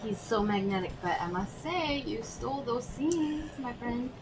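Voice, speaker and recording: A woman's voice: fairly high pitch, animated, unhurried, noisy background. A woman hosting an interview show at a bar, upbeat and chatty. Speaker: show host. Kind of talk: casual interview. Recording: music playing in the background.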